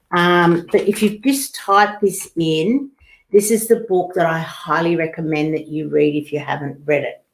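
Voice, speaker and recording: A woman hosting a live online talk, chatting loosely and reading out viewer comments, rambling with fillers and restarts. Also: on the low side. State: coughing and sneezing at times.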